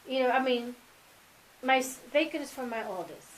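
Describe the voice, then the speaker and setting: A mother speaking as an interview guest, telling family stories in a casual, animated way and acting out remembered dialogue. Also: sits high, moderate pace, slight background noise, poor audio. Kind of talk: casual sit-down interview storytelling.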